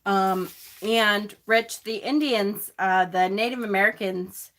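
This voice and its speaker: A middle-aged woman with a mid-range, slightly bright voice speaks slowly. She hosts a pagan live stream, chatting casually and answering viewers' comments by name.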